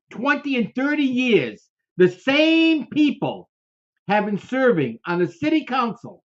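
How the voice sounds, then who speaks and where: Fiery man ranting on local politics. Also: high-pitched. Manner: fiery, repetitive, rhetorical questions. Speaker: political commentary co-host. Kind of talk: heated political commentary. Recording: dull lo-fi sound.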